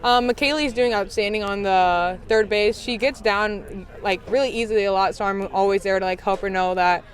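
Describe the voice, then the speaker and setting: A teenage girl softball player giving a bubbly postgame interview outdoors at a ballfield, saying "like" a lot. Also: mid-range voice, moderate pace. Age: teens. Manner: bubbly, heavy use of "like". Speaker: high school softball player.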